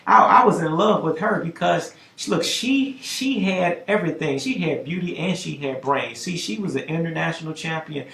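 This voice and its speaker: A man telling a story on a talk show, lively, getting loud and high at dramatic moments. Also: a little fast, vocal fry, few pauses, reverberant, slight background noise. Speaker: podcast host telling a story. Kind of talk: animated storytelling.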